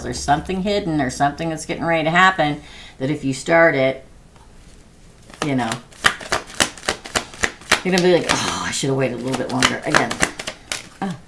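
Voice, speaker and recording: A middle-aged woman with a fairly low voice gives a chatty tarot reading on a live stream, laughing often and greeting viewers by name. Her voice tends to give out, and there's noise in the background.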